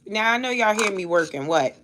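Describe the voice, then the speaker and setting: A woman's voice: mid-range voice, animated, a little fast, noisy background. A woman tarot reader, chatting casually and bluntly on a live stream at home and swearing freely. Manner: blunt, swears freely, talks to family off-mic. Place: home room.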